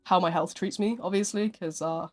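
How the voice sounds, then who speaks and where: A live streamer's mid-range voice stays fairly even in intonation and moves at a normal speed. Chatting loosely with viewers, they ramble a little and keep filling gaps with "like" and "um."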